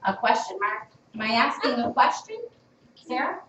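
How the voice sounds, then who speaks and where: A woman teaching a classroom phonics lesson, drawing out sounds and giving clear prompts to the class. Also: on the high side, very animated, moderate pace, sharp tone. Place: school classroom. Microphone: distant camera mic. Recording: echoey classroom, distant, dull, noisy. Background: classroom noise.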